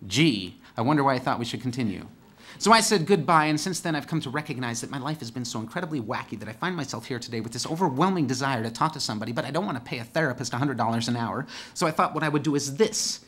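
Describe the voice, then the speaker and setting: Sardonic man telling a dark monologue. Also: mid-range voice, expressive, racing, hardly any pauses. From northern California. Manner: swings between hushed somber tones and loud emphatic outbursts. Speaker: solo stage performer. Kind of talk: theatrical storytelling monologue.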